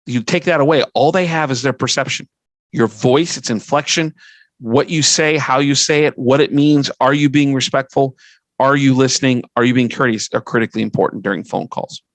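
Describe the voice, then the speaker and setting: He talks briskly in a mid-range voice on poor audio without room sound. He's a middle-aged fundraising consultant hosting a podcast, earnestly giving advice in a conversational style, running through his points and often starting sentences over.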